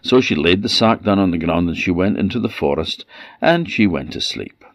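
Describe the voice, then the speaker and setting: A man from Orkney with an Orcadian Scottish accent, telling a folktale in a lively, animated way. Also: low voice, normal speed, dry recording. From Orkney, Scotland. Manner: lively, animated, voices every character. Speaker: storyteller. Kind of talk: folktale storytelling. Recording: dull lo-fi dry recording.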